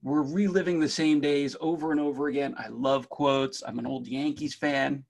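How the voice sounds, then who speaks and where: A man's voice: a little high, fairly even intonation, normal speed, gravelly. A middle-aged man from New Jersey with a faint Jersey accent, giving a jokey conference talk on cybersecurity and speaking straight to the audience.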